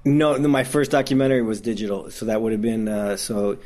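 Midwestern guy, documentary maker, kinda low voice, rambles and restarts a lot, excited about his work. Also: a little fast. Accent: Midwestern American. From Detroit, Michigan. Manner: enthusiastic, rambling, frequent restarts and laughs. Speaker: documentary filmmaker. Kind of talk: casual interview conversation.

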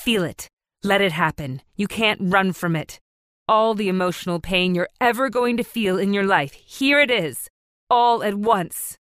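A woman voicing a calm, detached woman healer in a storybook, quick and to the point yet soothing. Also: medium pitch, no echo, clean studio sound, natural voice. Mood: urgent.

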